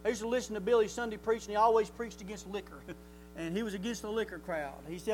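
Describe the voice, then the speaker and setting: A man's voice: sits high, animated, fast, soft background music. A man preaching a sermon in a folksy way, asking rhetorical questions and chuckling often.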